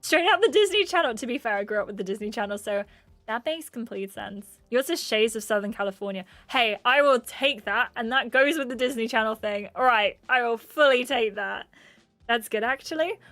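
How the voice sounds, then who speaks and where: A young woman with an English accent chats with her livestream viewers in a bubbly, talkative way. Her voice sits a little on the high side. She is recorded close and dry, with faint game music behind her. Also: sharp tone, no echo. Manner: bubbly and chatty, quick laughs and gasps. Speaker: gaming streamer. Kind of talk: casual livestream chat, reading out viewer comments.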